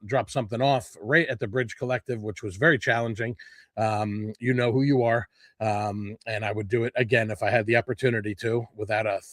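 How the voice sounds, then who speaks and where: A man of middle pitch chats through a food event update in a loose, unscripted way. He fills the gaps with ums and corrects himself as he goes. The sound is dry and close, with no room around it. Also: fairly bright tone, dry recording. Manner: rambling, filler-heavy, self-correcting. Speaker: food blogger host. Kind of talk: casual update to followers. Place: his home.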